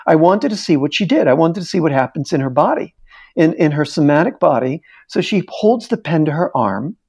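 A man's voice: a little high, big pitch swings, brisk, a little mellow, slightly rough. A middle-aged man, a therapist and interview guest, animatedly telling a case story and acting out the dialogue.

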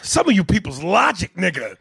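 A man's voice: sits high, sing-song, brisk, gravelly, a bit bright, husky. A man co-hosting a casual podcast, joking loosely and swearing often while he reads listener mail. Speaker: podcast co-host.

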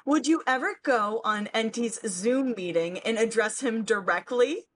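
A woman's voice: fairly high pitch, measured pace. A woman with a Boston accent co-hosting a podcast in casual chat, giggling as she reads out listener questions, in a hazy, stoned state. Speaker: podcast co-host.

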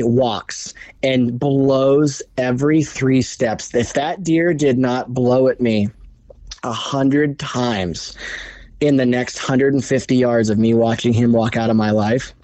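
A man who is a podcast guest, telling a bowhunting story in a casual, animated, profane way. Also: medium pitch, no room sound. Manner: animated, profane, fast retelling.

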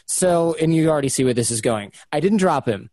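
A man's voice: on the high side, animated, a little fast, darkish tone. A man in his thirties, a podcast guest, telling a casual story and acting out the quotes.

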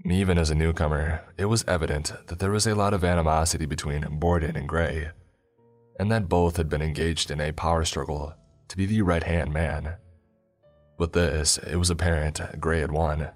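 A man narrating a scripted dark story in a measured, even way. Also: very deep voice, faint music behind.

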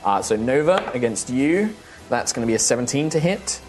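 A man's voice: medium pitch, brisk, soft background music. Man narrating as game master. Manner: animated storytelling with vocal sound effects, chuckling often.

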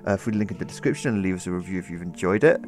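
A man's voice: sits low, animated, rapid-fire, music in the background. A man co-hosting a podcast in casual chat, laughing and swearing through loose banter. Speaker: podcast co-host.

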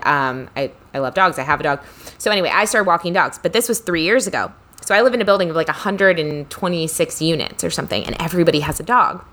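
Chatty lady in her 30s, bright kinda lower voice, laughs a lot telling stories. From Northeast US. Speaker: podcast co-host. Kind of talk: casual chat.

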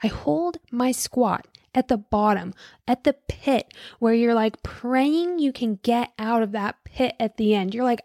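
A young woman in her office, giving casual fitness advice in an animated, chatty way, full of "like" and "dude". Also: a little high, unhurried, dry recording, studio quality. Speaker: fitness creator.

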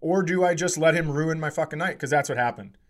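A man in his forties, a comedian telling a story in casual chat, swearing and getting animated as he acts out a heated argument. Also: fairly high pitch, fast. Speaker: comedian podcast co-host.

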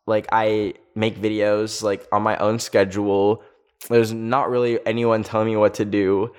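A man's voice: lowish voice, level tone, measured pace, clean tone. A young man telling a personal story in a chatty vlog style, filling his speech with "like". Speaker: video creator.

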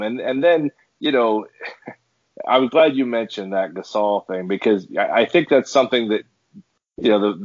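A man's voice: on the low side, no echo. A man co-hosting a sports podcast, ranting angrily in heated casual talk, stumbling over restarts as he vents. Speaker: podcast co-host. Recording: dull dry lo-fi podcast audio.

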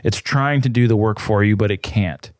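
A man's voice: lowish voice, normal speed, no room sound, studio quality. A young man co-hosting a podcast, chatting casually and defending himself in joking banter. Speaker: podcast co-host. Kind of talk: casual chat.

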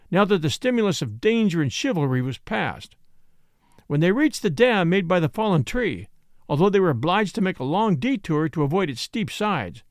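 A man reads a classic Western story aloud in an expressive, dramatic way. His voice sits high and moves a lot in pitch. The recording is close and dry. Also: no echo. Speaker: narrator.

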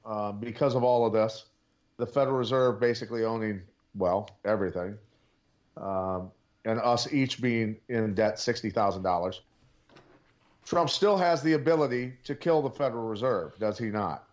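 A man's voice: on the low side, normal speed, lo-fi sound. A man hosting a casual podcast, rambling and repeating himself as he builds his questions. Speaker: podcast host.

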